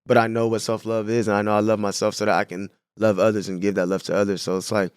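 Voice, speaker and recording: A man's voice: on the low side, level tone, fast talker, clear, resonant tone, no echo, clean studio sound. A young man from San Diego, a guest telling stories in a casual podcast interview, laid-back and full of slang. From San Diego, California. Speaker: guest, clothing brand owner.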